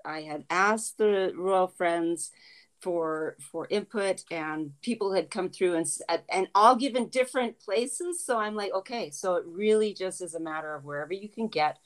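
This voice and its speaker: Earnest halting woman hosting a chat. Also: lowish voice, poor audio. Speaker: channel host, mother. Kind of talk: casual chat to viewers.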